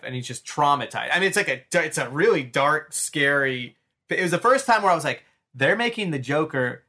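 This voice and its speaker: A man in his thirties chatting on a podcast with a bright, forceful tone. He talks with eager enthusiasm, rambling and acting out the story as he goes. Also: mid-range voice, lively intonation, brisk. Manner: enthusiastic, rambling, acts out scenes. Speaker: podcast host. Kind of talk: casual chat.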